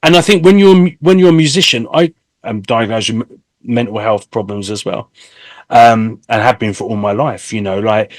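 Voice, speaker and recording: A man in his fifties, a singer hosting a casual interview, talking candidly and telling stories with animated swearing. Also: lowish voice, moderate pace, no room sound. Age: 50s. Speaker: host and singer.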